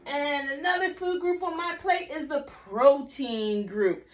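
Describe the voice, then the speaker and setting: A woman giving a kindergarten video lesson on healthy eating, in a bouncy teacher voice with call-and-response and drawn-out repeated words. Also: high voice. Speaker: nutrition educator for young children.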